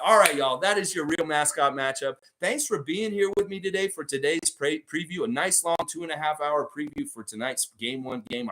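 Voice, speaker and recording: A man's voice: high-pitched, fairly bright tone. A man hosting a casual basketball preview show, rambling and swearing with lots of fillers. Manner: rambling, profane, filler-heavy. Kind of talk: casual sports preview commentary.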